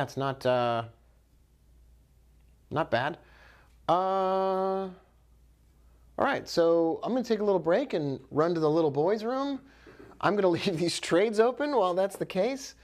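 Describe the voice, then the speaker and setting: A man's voice: high-pitched, a little mellow. A man giving live trading commentary, thinking aloud with upbeat exclamations and talking to viewers by name. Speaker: forex trader.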